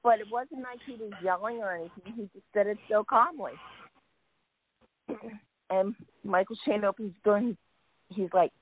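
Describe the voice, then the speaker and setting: A woman telling stories in a casual chat, quoting people as she goes and often clearing her throat. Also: medium pitch, moderate pace, pauses often, no room sound. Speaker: guest wrestling fan. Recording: tinny phone line, dry.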